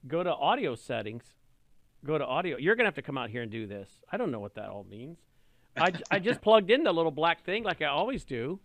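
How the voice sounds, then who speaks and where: A man's voice: fairly high pitch, big pitch swings, fairly quick, fairly bright tone. A man hosting a radio show, chatting casually in a jokey, self-deprecating way. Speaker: radio host.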